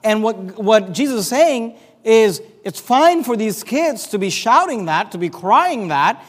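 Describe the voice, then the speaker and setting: High-voiced man preaching in a reverberant hall. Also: very animated, unhurried. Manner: reads scripture aloud and explains it verse by verse. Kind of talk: expository Bible sermon.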